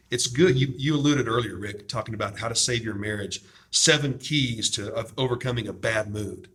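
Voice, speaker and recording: A man's voice: medium pitch, moderate pace, few pauses, a bit bright. A man hosting a discussion, speaking in a fervent, emphatic, preacher-like way. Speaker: host promoting a DVD series. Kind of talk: impassioned discussion.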